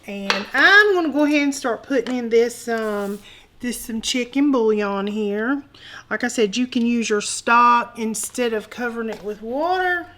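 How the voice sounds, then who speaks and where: A woman chats through a recipe in her home kitchen, folksy and teasing as she goes. Her voice sits a little higher than most, and a faint sizzle of the pan runs underneath. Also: lively intonation, unhurried, a bit bright, a little hiss or hum, poor audio. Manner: folksy and joking, calls viewers honey and y'all. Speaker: cooking show host. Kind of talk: casual cooking demonstration.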